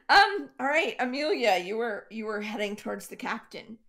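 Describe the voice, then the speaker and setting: A woman's voice: a little high, a bit bright. A woman narrating as game master of a tabletop game, chatty and laughing often.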